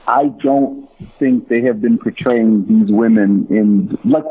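A man's voice: mid-range voice, slightly rough. A man hosting a casual wrestling podcast chat, giving emphatic, opinionated takes. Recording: tinny phone-like line with faint hiss.

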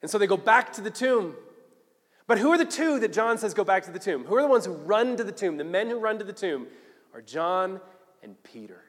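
A man preaching a sermon as casual storytelling in slang, often rising to loud emphasis. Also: sits high, sing-song, fairly quick. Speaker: pastor. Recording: long reverb of a large hall.

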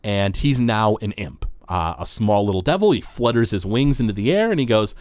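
Guy running a tabletop game, rambly, lots of uhs and likes, lively pitch. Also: moderate pace, dry recording. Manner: rambling, loose descriptions with many fillers. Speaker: game master.

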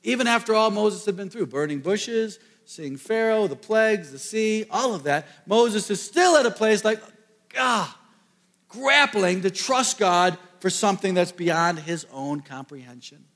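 Animated male pastor in an echoing hall. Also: sits high, a little slow. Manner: animated storytelling, jokey asides. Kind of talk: sermon.

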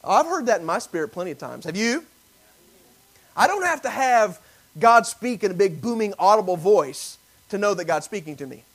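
Male pastor, high and highly expressive voice, dramatic preaching with sudden drops to a hush. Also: normal speed, low-quality recording. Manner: animated preaching, acting out biblical voices, rising and dropping to near whispers. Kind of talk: sermon.

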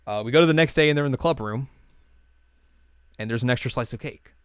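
Smooth-voiced man recapping with laughs. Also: medium pitch, quick pace, no room sound, studio quality. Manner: laughing, animated retelling of an episode. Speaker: podcast co-host. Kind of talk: casual chat.

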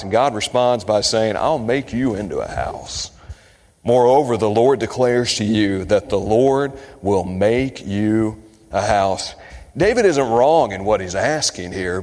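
A man preaching a sermon at a middle pitch, his voice trailing off in a long hall reverb. He is from Kentucky and quotes scripture, stretching some phrases slowly and lifting others high for emphasis. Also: a little mellow. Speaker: pastor.

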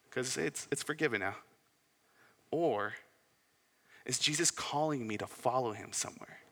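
A man preaching a sermon in a relaxed, conversational way, often putting questions to his listeners. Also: medium pitch. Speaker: pastor. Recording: long hall reverb.

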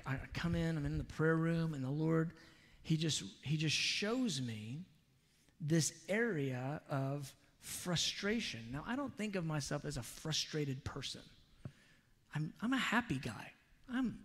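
A man preaching a sermon, telling a personal story in an earnest, confessional way with soft asides. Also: a little high, long reverb tail. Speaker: pastor.

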